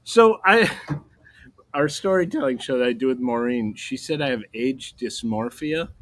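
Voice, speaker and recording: A man's voice: medium pitch, animated, normal speed, a bit bright, no echo. Male co-host, casual comedy chat, medium voice, chatty and digressive. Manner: rambling, laughs often.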